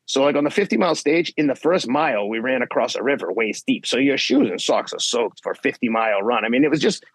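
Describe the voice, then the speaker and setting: A man in his fifties, a guest athlete telling race stories in blunt, profane, animated casual chat. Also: mid-range voice, fast, husky, dry recording. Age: 50s. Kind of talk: casual podcast storytelling.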